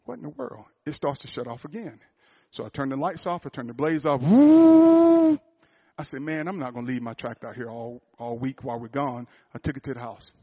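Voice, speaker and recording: A man preaching a sermon, telling a personal story, swinging from loud, rising fervor to a hushed, quiet confession. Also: medium pitch, fast talker, slightly rough, dull audio. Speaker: pastor.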